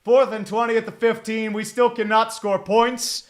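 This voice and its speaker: A man's voice: high voice, fairly even intonation, moderate pace. A man streaming live commentary on a game as he watches. He rambles and groans, swears a lot and turns sarcastic when his team plays badly. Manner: exasperated, sarcastic, swears often; rambling, many fillers and repeated groans.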